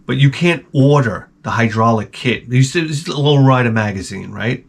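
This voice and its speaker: Profane, animated man telling stories. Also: fairly quick, creaky, breathy edge. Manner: animated, profane, acts out people in loud high voices. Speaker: channel host. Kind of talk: comedic storytelling rant.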